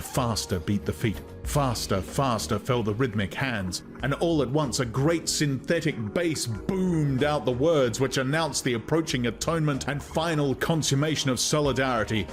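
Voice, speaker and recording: A man reading a novel aloud in measured, expressive scripted narration. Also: medium pitch. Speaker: audiobook narrator.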